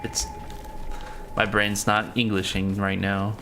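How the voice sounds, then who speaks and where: A gaming livestreamer plays a horror game live, his fairly low voice slow and monotone against background noise. He chats loosely with viewers and reads chat, swearing freely and tossing in jokey asides.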